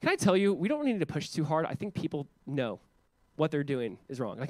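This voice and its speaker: A man preaching a sermon as pastor, conversational and animated, full of restarts and "like", acting out the people he quotes. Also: fast, few pauses, dry recording. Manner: acts out quoted voices with raised pitch.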